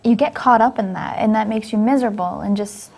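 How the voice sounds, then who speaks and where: A woman's voice: mid-range voice, a little fast, darkish tone. A young woman co-hosting a casual talk show, chatting in a reflective, easygoing way. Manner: chatty, reflective, laughs easily. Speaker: co-host. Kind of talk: casual chat.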